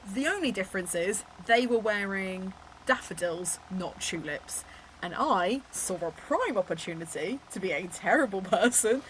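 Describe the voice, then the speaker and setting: A woman from England hosting a book club chat, animated and teasing, laughing often. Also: mid-range voice, moderate pace, slight background noise. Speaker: book club podcast host. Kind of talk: casual chat.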